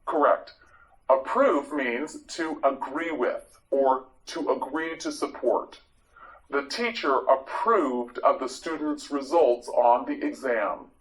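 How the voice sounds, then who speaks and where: A man teaching English vocabulary to learners, repeating each word clearly and praising patiently. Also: medium pitch, takes it slowly, rough recording. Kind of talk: vocabulary drill lesson for learners.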